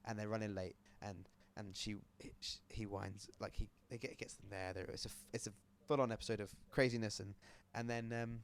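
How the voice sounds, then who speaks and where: Quick british guy rambling through a story, lots of restarts, chatty podcast vibe. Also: lowish voice, steady tone, a little hiss or hum. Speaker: guest host. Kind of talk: casual podcast chat.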